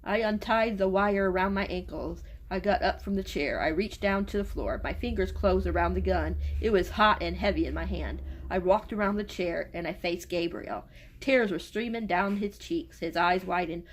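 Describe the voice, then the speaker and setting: A woman's voice: fairly low pitch, normal speed. A woman book reviewer reading a novel aloud and retelling it in a casual way, stumbling and restarting over words.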